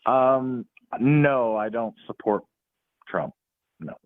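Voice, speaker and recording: A man's voice: medium pitch, slow pace, no room sound. A man calling in to a live show, hesitant and earnest with many ums. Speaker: caller. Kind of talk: phone call-in. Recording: tinny phone line.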